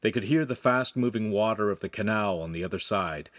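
A man reading a young adult novel aloud in calm, scripted narration. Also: lowish voice, fairly quick, no room sound, studio quality. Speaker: audiobook reader.

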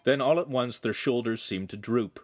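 A man narrating a young adult novel with animated storytelling. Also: mid-range voice, normal speed. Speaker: audiobook narrator. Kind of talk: scripted narration.

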